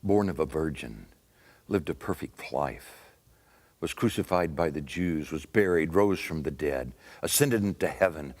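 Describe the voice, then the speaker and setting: A man voicing an older prisoner apostle within a dramatic monologue, speaking gently and fervently. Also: rumbling low, animated, measured pace, full character voice. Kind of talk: dramatic first-person monologue.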